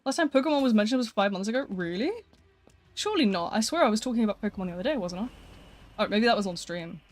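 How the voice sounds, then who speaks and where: A woman's voice: medium pitch, expressive, fast, soft background music. Chatty woman streamer, laughing often. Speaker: live streamer. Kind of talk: casual live-stream chat.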